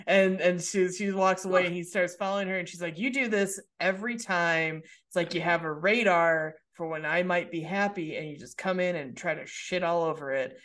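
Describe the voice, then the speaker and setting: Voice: medium pitch, moderate pace. A podcast co-host recapping a TV episode in casual chat, acting out the characters' lines in passing. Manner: relaxed recapper who acts out quoted lines.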